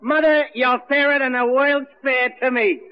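A man's voice: extremely high pitch, steady tone, normal speed, very noisy. A man playing a whiny, complaining lyric writer, in 1940s radio comedy style, on a muffled old broadcast recording.

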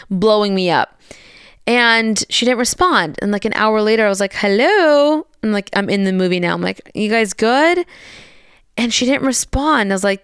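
A woman in her thirties casually telling her followers a story, chatty and animated, swearing now and then and quoting the people in it. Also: medium pitch, clean tone, no echo, clean studio sound. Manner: chatty, animated retelling with swearing and quoted voices.

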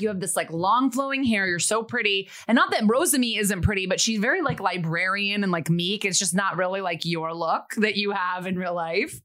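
A woman's voice: medium pitch, no room sound, clean studio sound. A woman co-hosting a podcast, talking casually with "um" and "like" and laughing along with her guest. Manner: relaxed, laughs along, fillers like "um" and "like". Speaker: podcast co-host.

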